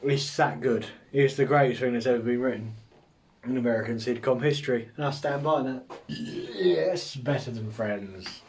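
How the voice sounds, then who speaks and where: A man's voice: mid-range voice, moderate pace, darkish tone, slight background noise. A man hosting a live show and answering viewer questions in casual chat, sarcastic and ranting, with plenty of swearing.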